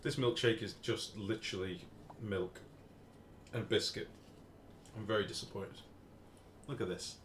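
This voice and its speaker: A man's voice: fairly low pitch, steady tone, unhurried, long pauses, fairly bright tone, slight background noise. A British man streaming a game, chatting casually and joking at his own expense in an echoey room. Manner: self-mocking, chatty, joking with chat. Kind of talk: casual gameplay commentary.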